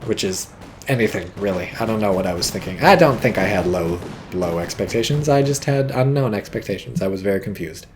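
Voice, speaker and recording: A man's voice: fairly low pitch, a little fast, slight background noise. Rambling, jokey man commentating a game. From not British. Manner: rambling, jokey, swears freely, gets excited.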